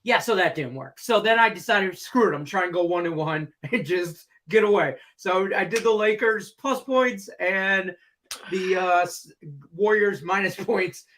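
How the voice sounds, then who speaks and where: A man's voice: high-pitched, a little slow, fairly bright tone. A man co-hosting a sports betting chat, telling a rambling story with casual swearing. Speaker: co-host.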